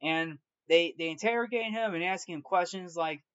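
A man's voice: high-pitched, normal speed, fairly bright tone, smooth. A man hosting a movie review show, recapping a film in a casual, rambling way with many restarts and fillers. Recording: dull lo-fi, dry sound.

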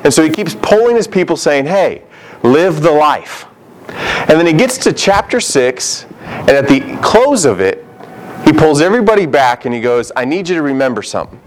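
A man's voice: on the high side, very animated, normal speed, a little hiss or hum, low-quality recording. A man, a pastor, preaching a sermon in an emphatic way and acting out quotes.

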